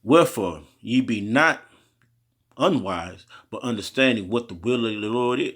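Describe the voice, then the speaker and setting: A man's voice: lowish voice, animated, creaky, fairly bright tone, husky. A man teaching scripture in a loose, slangy style, reading verses aloud and breaking in with his own asides. He often stumbles and restarts over hard words. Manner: halting over word pronunciations, restarting often. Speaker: street preacher teaching scripture. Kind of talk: informal Bible teaching.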